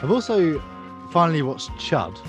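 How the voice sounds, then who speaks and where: Over music, an English man in his thirties with a slightly high voice tells a spooky local story at a moderate pace. He's co-hosting a casual podcast and delivers the tale animatedly in a storytelling voice.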